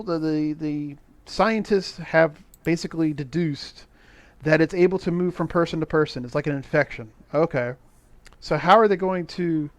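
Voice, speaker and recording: A middle-aged man casually recapping an old movie on a podcast, sarcastic and profane, with animated asides. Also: fairly high pitch, no room sound. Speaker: podcast co-host recapping a film. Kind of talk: casual chat.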